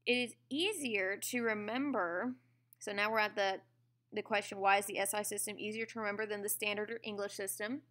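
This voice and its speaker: A woman's voice: medium pitch, fairly even intonation, fairly quick, a bit bright. A woman teaching a science lesson in a conversational way, often checking in with "okay?" and "all right?". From United States. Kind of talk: classroom lecture.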